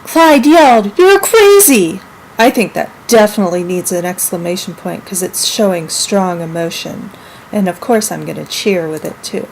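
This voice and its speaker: A woman teaching a lesson to young children, speaking clearly and acting out example sentences with lively expression. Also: on the low side, moderate pace, a little hiss or hum, low-quality recording. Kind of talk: model classroom minilesson.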